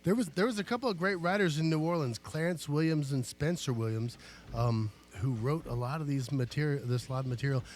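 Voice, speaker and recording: A man's voice: on the high side, fairly quick, darkish tone, slight background noise. A man, a guest musician, chatting casually in a music studio, easygoing and rambling, with fillers and restarts. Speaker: guest musician, guitarist and singer.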